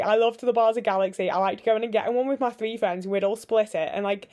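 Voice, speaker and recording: A woman's voice: medium pitch, quick pace, hardly any pauses, darkish tone. Sweary woman rambling. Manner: candid, sweary, rambling with many fillers. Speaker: vlogger. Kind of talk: casual storytelling to camera.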